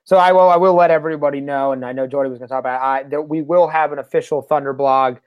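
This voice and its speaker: A man's voice: a little high, steady tone, rapid-fire, clean tone, dry recording, dull audio. A man co-hosting a sports podcast, talking in an upbeat, fired-up way. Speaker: podcast co-host. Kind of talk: casual sports podcast chat.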